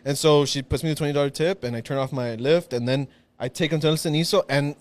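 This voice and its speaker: A man from Laredo tells a long story in a relaxed podcast chat. He rambles and restarts often. His voice sits a little high. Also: fast talker, no echo. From Laredo, Texas. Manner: rambling, many restarts and fillers. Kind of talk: casual storytelling.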